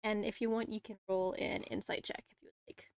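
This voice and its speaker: A woman's voice: medium pitch, little pitch movement, brisk, smooth, no echo, studio quality. A woman game master narrating a tabletop game casually, rambling and laughing.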